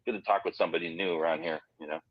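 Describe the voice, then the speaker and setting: A man's voice: deep voice, steady tone, racing, breathy edge, muffled recording. A man on a live-stream panel who chats in a joking, teasing way. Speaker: panel guest. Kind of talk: casual live-stream chat.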